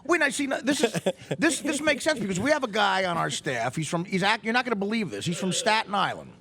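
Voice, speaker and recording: Rowdy talk-show host, high gravelly voice that swings wide. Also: male voice, sing-song, fast talker, pushed and bright. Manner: rowdy, teasing, stammering restarts. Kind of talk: casual chat.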